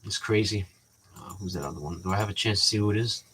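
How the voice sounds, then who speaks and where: Talking fast in a fairly low, somewhat bright voice, this male vlogger chats to his audience in a rambling, casual way, over slight background noise. He restarts sentences often and performs what others said to him.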